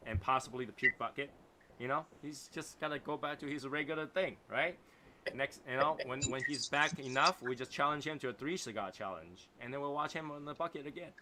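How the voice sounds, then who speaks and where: A man's voice: medium pitch, bright, forceful tone, a little hiss or hum. A man with a non-native English accent hosting a casual livestream chat, reading viewer comments and reflecting in a rambling way, often asking "right?". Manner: reflective, rambling, repeats phrases and asks "right?". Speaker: host of a cigar livestream.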